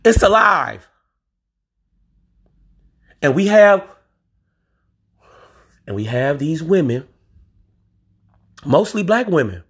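Husky, profane podcast ranter, a man. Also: high-pitched, lively intonation, a little slow, long pauses. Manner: emphatic and profane, swears freely; streetwise slang, addresses listeners directly. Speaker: podcast host. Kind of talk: solo podcast rant.

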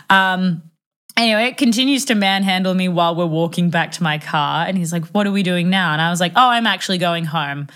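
A young woman telling a personal story in a casual chat. Her voice sits a little low for a woman, and she is animated and self-mocking, acting out what people said. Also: brisk. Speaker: guest telling a dating story.

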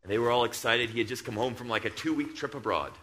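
A middle-aged man preaching a sermon, moving between loud, excited storytelling and quiet, hushed intensity. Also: mid-range voice, quick pace.

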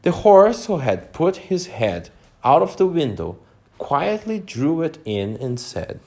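Man reading a storybook aloud slowly. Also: on the high side. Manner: animated, unhurried, pauses to explain words.

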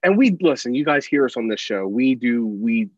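A man's voice: mid-range voice, expressive, moderate pace, no room sound, lo-fi sound. A man co-hosting a casual movie podcast, ranting bluntly and swearing. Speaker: podcast co-host.

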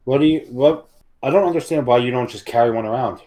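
A man's voice: medium pitch, quick pace, crowd noise. A man co-hosting a podcast, trading dry sarcastic banter in casual comedic chat. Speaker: podcast co-host.

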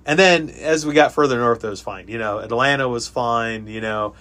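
A man from Chicago, his accent softened by Kansas City, talks casually in a mid-range voice. He stumbles over and repeats his words, then shoots up in pitch when something surprises him. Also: normal speed. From Chicago area. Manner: animated storyteller, restarts and repeats words, jumps up in pitch for emphasis. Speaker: guest traveling by RV. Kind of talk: casual chat.

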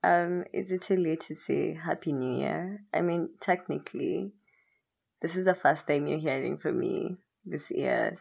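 A young woman with a deep, gravelly, somewhat dark voice hosts her own podcast. She chats candidly and rambles in a casual solo format, swearing often.

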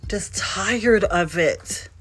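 A woman's voice: mid-range voice, extremely slow, faint music behind. A woman vlogger delivering a heated, profane monologue rant, repeating herself for emphasis.

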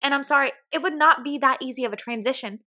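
A woman with a Southern US accent chats casually as a podcast co-host. Her voice is bright and a bit high, and she tells stories in an animated, chatty way. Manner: chatty, animated storytelling with quick laughs. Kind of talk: casual chat.

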